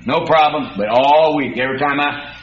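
Folksy preacher in echoey church. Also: male voice, a little high, normal speed, a little hiss or hum. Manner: folksy, storytelling, rising to emphatic. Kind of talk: sermon. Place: church hall. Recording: dull, echoey hall recording.

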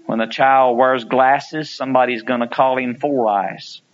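A man preaching a sermon, telling stories and acting out quotes, climbing to loud pleading peaks. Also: medium pitch, fairly even intonation, a little slow, muffled recording, slight background noise.

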